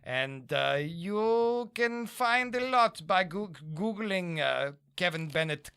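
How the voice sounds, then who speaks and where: A man's voice: sits high, animated, slow, gravelly, sharp tone, clear, resonant tone, heavily acted. A comedian putting on a French accent as a theatrical, grandiose Frenchman, speaking in formal, florid phrases. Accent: French (put on). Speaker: comedian guest. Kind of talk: improvised comedy podcast. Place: comedy club podcast room.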